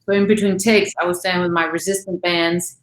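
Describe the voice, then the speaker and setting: A woman's voice: lowish voice, flat delivery, a little fast, echoey room, poor audio. A woman, an actress and recording artist, chatting casually as an interview guest, laughing often and talking with many fillers.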